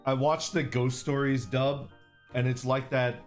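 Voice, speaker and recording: A man's voice: medium pitch, little pitch movement, a little slow, faint music behind. A man streaming under an orc persona, casually chatting with viewers, reading super chats, laid-back and profane, laughing often.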